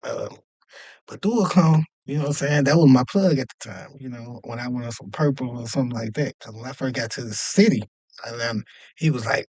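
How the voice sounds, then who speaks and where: A man telling a story in a casual, animated and profane way, often checking in with "you know what I mean". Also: mid-range voice, a little fast, no echo. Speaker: podcast host telling a story.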